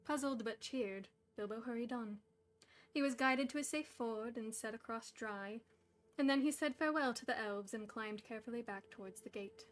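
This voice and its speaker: A woman's voice: fairly high pitch, moderate pace. A young woman hosting a stream, reading a storybook aloud and chatting casually, giggly and self-deprecating, feeling overheated. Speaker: stream host and reader.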